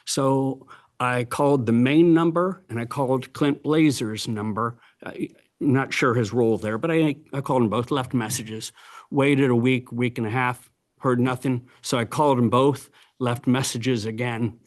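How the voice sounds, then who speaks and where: Plain-spoken man giving public comment. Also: medium pitch. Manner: plain, conversational complaint with fillers and restarts. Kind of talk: public comment at a county meeting.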